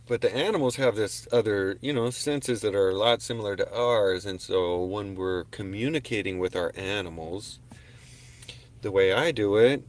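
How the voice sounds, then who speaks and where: A man hosting a casual livestream, talking in a rambling, laid-back, slangy way into his webcam. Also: fairly low pitch. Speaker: livestream host. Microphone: webcam on a desk.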